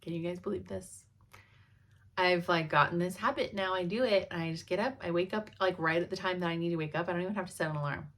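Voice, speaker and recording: A woman's voice: lowish voice, fast talker, fairly bright tone. A woman in her thirties chatting casually to her viewers as a cross-stitch vlogger, laughing often as she tells stories. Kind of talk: casual chat.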